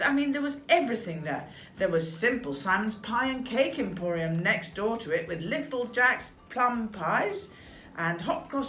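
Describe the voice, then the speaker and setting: A woman with an English accent reading a picture book aloud in a playful, animated way, with chatty asides. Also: a little high, a little hiss or hum. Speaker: storybook reader. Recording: echoey room.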